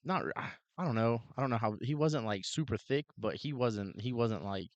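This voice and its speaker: A man co-hosting a podcast, telling a story in a casual, animated way, full of "like" and "dude" and acted-out quotes. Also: mid-range voice, fairly quick, no room sound, highs cut off. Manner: animated, heavy use of "like" and "dude", acts out quotes. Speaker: podcast co-host, police officer.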